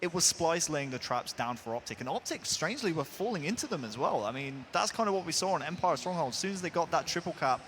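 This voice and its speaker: A man's voice: on the high side, animated, fast, hardly any pauses, fairly bright tone, a little hiss or hum. A man working as an esports analyst, giving talkative, thorough breakdowns of the match at an analysis desk.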